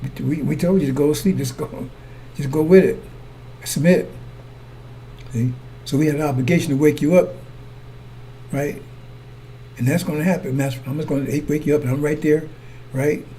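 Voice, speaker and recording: A man's voice: a little high, fairly even intonation, moderate pace, pauses often, mellow, a little hiss or hum. A man preaching a sermon, talking in circles and checking with his brothers and sisters that they follow. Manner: repetitive, asks listeners to follow along; addresses congregation as brothers and sisters.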